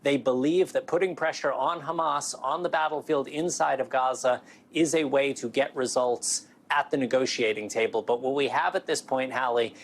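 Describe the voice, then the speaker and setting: A man reports live from abroad as a foreign correspondent. His pitch is average, and he delivers in a measured, clear way. He answers the anchor calmly and steadily.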